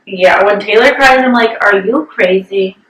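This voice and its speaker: A woman's voice: mid-range voice, normal speed, fairly bright tone, reverberant, recorded from a distance, a little hiss or hum, rough recording. A woman co-hosting a podcast who chimes in briefly and supportively during casual chat. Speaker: podcast co-host.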